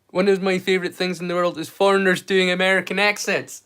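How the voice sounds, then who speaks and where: A man's voice: high-pitched, flat delivery, moderate pace, pauses often, fairly bright tone, clean tone. Jokey British man streaming. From United Kingdom. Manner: jokey, rambling, self-mocking. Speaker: livestream host. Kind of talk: casual live watch-along chat.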